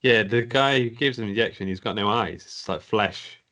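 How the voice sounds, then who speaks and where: Low-voiced man reading a quote. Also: pushed and bright. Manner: measured, reads quotes aloud. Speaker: podcast co-host. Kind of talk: casual film discussion. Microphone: home mic on a video call.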